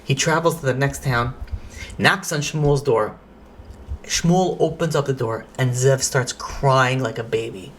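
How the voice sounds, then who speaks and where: A rabbi telling a story in a lively lecture, sprinkling in Hebrew and Yiddish phrases. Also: male voice, mid-range voice, unhurried, slight background noise.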